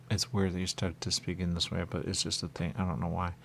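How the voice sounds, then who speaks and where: A man's voice: sits low, flat delivery, fast talker, vocal fry, hardly any pauses, fairly bright tone. A man hosting a radio talk show in a meandering, repetitive, stream-of-consciousness monologue. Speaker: radio host. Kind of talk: rambling monologue.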